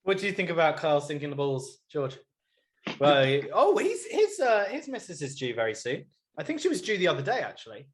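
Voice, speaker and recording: A young man hosting a casual podcast, rattling through a recap with a joke here and plenty of "um"s. His voice sits a touch high, loose and chatty. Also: wildly swooping pitch, brisk. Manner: bantering, filler-heavy recap. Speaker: podcast host. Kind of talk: casual chat.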